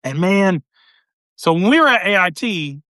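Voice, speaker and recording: A man's voice: high-pitched, sing-song, moderate pace, sharp tone, dry recording, studio quality. A man in his late forties hosting a casual chat, a Marine veteran telling rambling stories. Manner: rambling, lots of fillers and restarts.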